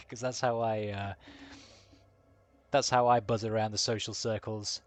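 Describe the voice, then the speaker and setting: A man's voice: lowish voice, fairly even intonation, unhurried, no room sound. A man streaming a game live, reading its text and dialogue aloud with joking asides.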